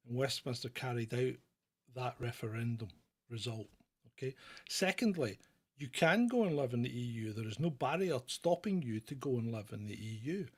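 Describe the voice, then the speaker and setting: A middle-aged British man with a mid-range, slightly mellow, husky voice hosts a live Q&A chat. Blunt and opinionated, he rambles and restarts while answering viewers.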